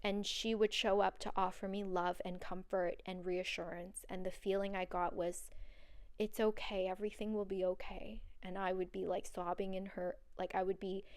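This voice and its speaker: Smooth-voiced woman hosting a podcast. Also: medium pitch, flat delivery, moderate pace, a little mellow. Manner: earnest, personal, loose and rambling with fillers. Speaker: podcast host. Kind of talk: solo podcast monologue on dreams.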